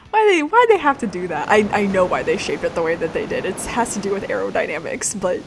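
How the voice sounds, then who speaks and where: A woman hosting a let's play, chatting casually and giggling as she comments on the game. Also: mid-range voice.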